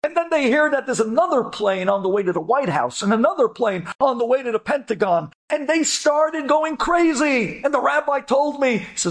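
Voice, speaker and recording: A man's voice: very high voice, moderate pace. A man telling an inspirational story with animation, acting out each voice. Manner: animated, acts out every voice. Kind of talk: storytelling talk.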